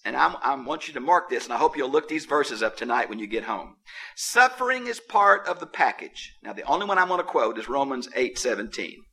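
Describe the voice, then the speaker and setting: Animated, bright-voiced man teaching. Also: medium pitch, fairly quick. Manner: animated, emphatic, chuckles to himself. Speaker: Bible teacher. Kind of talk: Bible lecture to a class.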